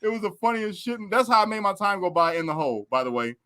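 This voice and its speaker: Animated high-voiced storytelling man. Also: quick pace. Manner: animated, laughing storyteller, slangy. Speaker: guest. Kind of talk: casual storytelling.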